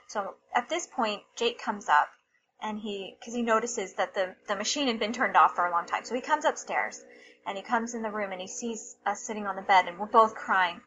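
A woman, a mother, telling a personal story in an interview, animated and repeating herself, often laughing. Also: mid-range voice, normal speed, muffled recording.

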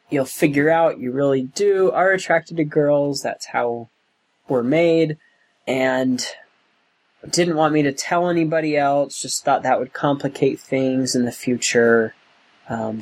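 Slow, halting young man recounting. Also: a little high, rough recording. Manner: slow, halting, thoughtful, with restarts. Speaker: interviewee. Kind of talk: oral history interview.

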